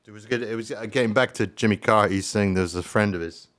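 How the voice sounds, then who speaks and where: Chatty low-voiced man on community radio. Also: fast talker, fairly bright tone. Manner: rambling, chatty, swears casually. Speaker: radio host. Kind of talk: casual radio chat.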